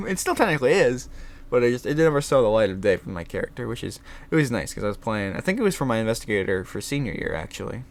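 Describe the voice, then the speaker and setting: A man's voice: medium pitch, sing-song, fast. A young man chatting casually in his room, rambling with many restarts and swearing. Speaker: vlogger. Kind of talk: casual chat.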